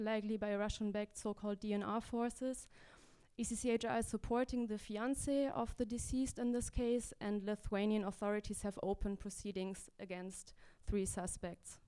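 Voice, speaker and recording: A woman giving prepared remarks as a legal advocate at a panel event in a gallery, measured and formal, with small restarts. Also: mid-range voice, mellow, clear, resonant tone.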